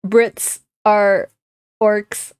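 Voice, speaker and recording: A woman's voice: mid-range voice, lively intonation, extremely slow, no echo, clean studio sound. A young woman streamer chatting casually as she reacts to a video, teasing and laughing often.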